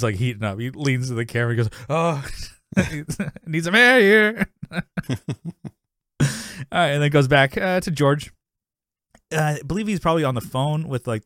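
Male podcast co-host, chatty and rambling, quick to laugh, mid-pitched, dry studio sound. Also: no echo. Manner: rambling, laughs often, acts out quotes. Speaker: podcast co-host recapping a sitcom episode. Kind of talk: casual chat.

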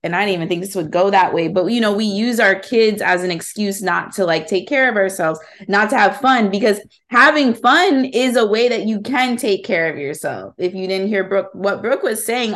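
A woman's voice: medium pitch, moderate pace, hardly any pauses, fairly bright tone. Rambling, laughing woman podcast host. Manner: rambling, laughs often, restarts questions. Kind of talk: casual podcast conversation.

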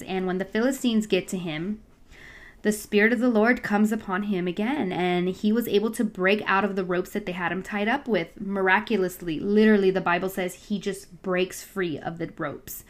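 Young adult woman, casual storyteller, lively and slangy, middle pitch. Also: normal speed. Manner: chatty, animated, acts out voices with slang. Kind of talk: casual Bible story retelling.

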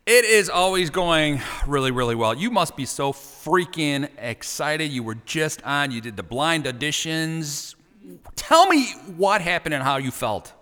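A man's voice: on the high side, big pitch swings, measured pace, long reverb tail. A man hosting a live show from Chicago, teasing his guest in a playful, jokey way. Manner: playful teasing, big swings in loudness. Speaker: radio show host. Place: studio in Chicago.

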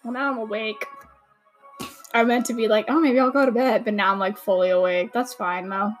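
A woman's voice: fairly high pitch, fairly even intonation, fairly quick, faint music behind, low-quality recording. A young woman hosting a casual watch-along podcast, chatty and gushing, full of "like" fillers. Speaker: podcast host. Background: show audio playing underneath.

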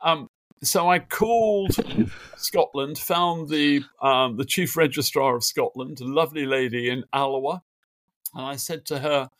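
A man's voice: on the high side, unhurried, dry recording. A middle-aged man, a guest biographer, telling stories in a remote interview from his home office desk, with lots of fillers and acted-out quotes. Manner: animated anecdotes with acted quotes, many fillers. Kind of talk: conversational interview storytelling.

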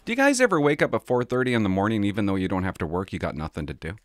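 A man's voice: lowish voice, big pitch swings, racing, dry recording, studio quality. A middle-aged man from Canada, a former police officer, talking casually and confidingly on his podcast, rambling and laughing as he tells stories.

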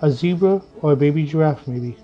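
A man voicing a calm husband in a read-aloud story, dryly amused and reassuring. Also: on the high side, brisk, breathy edge. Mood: wry. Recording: muffled lo-fi with faint music.

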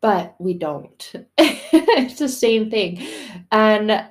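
A middle-aged woman talks through a casual faith podcast monologue. She is animated and chatty, and she often jumps into playful voices to act out little scenes. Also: medium pitch, extremely slow. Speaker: podcast host.

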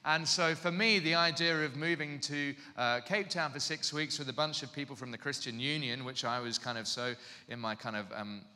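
A man preaching in an animated, self-mocking storytelling way, heard in a reverberant hall. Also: medium pitch, moderate pace. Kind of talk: storytelling sermon.

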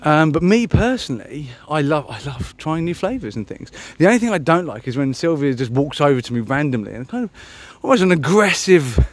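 A man's voice: a little high, big pitch swings, a little fast, few pauses. A man musing aloud on a solo podcast, meandering and self-mocking, with many ums and restarts. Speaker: podcast host. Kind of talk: rambling solo podcast chat.

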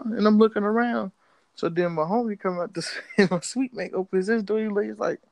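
Young male co-host, gravelly voice, dry close mic, casual slangy storyteller. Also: high-pitched, a little fast, no room sound. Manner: animated storyteller, acts out his own reactions in slang. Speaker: podcast co-host.

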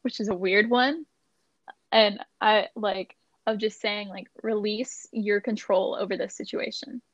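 A woman's voice: medium pitch, fairly even intonation, a little slow, no room sound, poor audio. A young woman, a guest on a casual faith chat, candid and playful, often laughing.

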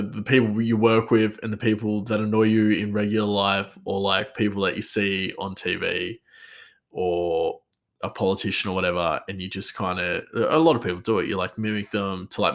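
A man's voice: fairly low pitch, a bit bright. A man, a chef, telling a story in a rambling, casual way and chuckling often.

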